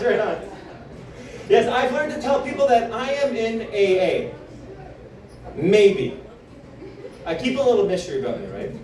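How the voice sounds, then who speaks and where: A young man doing a stand-up comedy set on a club stage, telling stories and acting out the people in them. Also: high voice. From Canada. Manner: animated storytelling with acted-out quotes. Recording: roomy club sound from a distance.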